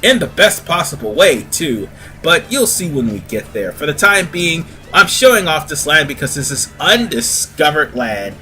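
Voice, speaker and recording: Man, casual let's-play commentary, rambling, self-correcting, bright tense voice. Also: a little high, very animated, normal speed, soft background music. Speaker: gaming video host.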